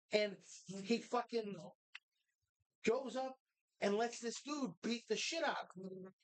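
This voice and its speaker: A co-host on a live talk show recorded in a bar, swearing constantly while retelling a movie in animated detail. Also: mid-range voice. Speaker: podcast co-host.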